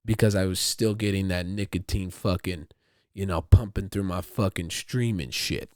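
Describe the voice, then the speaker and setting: A deep-voiced man speaks at a moderate pace on a clean, echo-free studio recording. He's a podcast host rambling through a casual solo monologue, swearing constantly and repeating himself.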